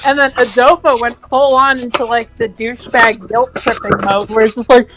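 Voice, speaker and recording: A young woman co-hosting a casual chat, telling an exasperated, profane story in an animated way. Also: fairly high pitch, normal speed, music in the background, poor audio. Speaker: co-host.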